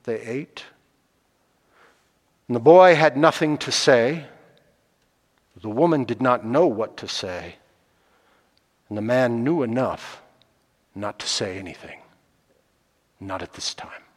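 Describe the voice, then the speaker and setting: A man telling a folk tale, slow and deliberate, swinging from loud passages to hushed ones. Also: medium pitch. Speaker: storyteller. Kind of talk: oral storytelling. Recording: long hall reverb.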